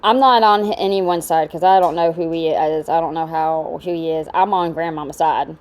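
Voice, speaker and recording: A woman's voice: low-pitched, fairly even intonation, moderate pace, a little mellow. A woman giving casual reaction commentary on a video, exasperated, profane and rambling.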